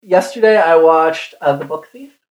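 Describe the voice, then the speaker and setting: A co-host on a podcast recapping movie plots at length in a steady, chatty way. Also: medium pitch, normal speed, lo-fi sound. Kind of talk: casual movie chat. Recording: roomy echo.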